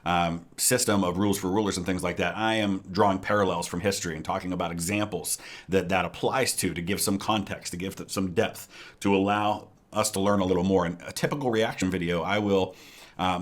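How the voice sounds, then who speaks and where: A man who hosts a history reaction channel, explaining in a measured way with fillers how his videos work. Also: deep voice.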